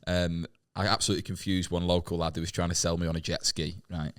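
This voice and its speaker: A man with a very deep voice rattles through a rambling travel anecdote at speed. He swears freely and restarts his sentences often. The tone is casual podcast chat. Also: level tone, fast, clean tone. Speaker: comedian podcast guest.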